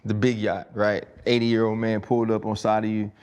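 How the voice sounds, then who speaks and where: A podcast host with a fairly low voice. He asks his guest measured, probing questions and builds them up step by step. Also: little pitch movement, darkish tone, clear, resonant tone. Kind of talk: interview questions.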